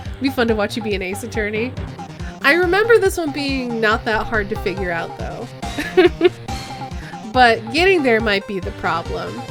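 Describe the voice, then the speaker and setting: A woman's voice: a little high, big pitch swings, moderate pace, music in the background. A woman streamer giving giggly, self-mocking commentary while playing a game. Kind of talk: let's play commentary.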